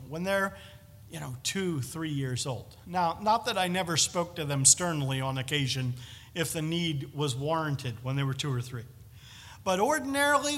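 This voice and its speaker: A man preaching a sermon in a chapel, conversational and animated, with jokey asides. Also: high voice. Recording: long reverb of a large chapel.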